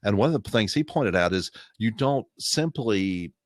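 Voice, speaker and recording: A man's voice: fairly low pitch, animated, normal speed, no room sound, studio quality. An American man with an Appalachian accent, co-hosting a casual podcast chat and explaining things at length in an easygoing way. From United States. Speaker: podcast co-host.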